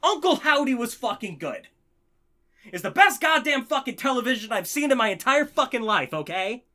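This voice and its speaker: A man ranting passionately on his own channel, heavily profane and swinging between biting sarcasm and loud, excited enthusiasm. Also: very high voice, moderate pace. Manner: profane, heated, swings from sarcasm to shouting joy. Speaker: channel host. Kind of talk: impassioned ranting vlog.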